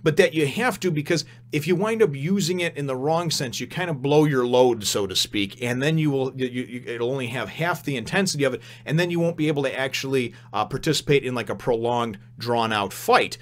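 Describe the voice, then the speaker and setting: A man recapping a comic chapter in a loose, rambling way. He restarts often and acts out the characters' lines as he goes. His voice sits in a middle pitch range. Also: lively intonation, a little fast, few pauses. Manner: rambling, with many restarts and fillers; retells the scenes with quoted dialogue. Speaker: manga reviewer and host.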